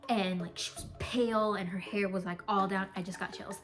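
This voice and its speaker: A woman's voice: medium pitch, fairly quick. A young woman casually telling a spooky family story, rambling with lots of fillers. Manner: rambling, filler-heavy, animated. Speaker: co-host.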